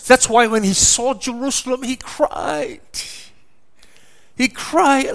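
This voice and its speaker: A middle-aged man with a high-pitched voice delivers a sermon at an unhurried pace. He leans on repetition and rhetorical questions, building each point phrase by phrase. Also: gravelly. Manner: emphatic, repetitive preaching cadence with rhetorical questions. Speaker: preacher.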